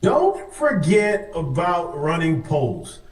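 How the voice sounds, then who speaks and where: Man, high-pitched, heard from across an echoey room; podcast storyteller. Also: sing-song, slow pace, over a noisy crowd. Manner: explains drills at length, storytelling. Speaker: former baseball player, co-host. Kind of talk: casual sports podcast chat. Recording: echoey room, distant mic.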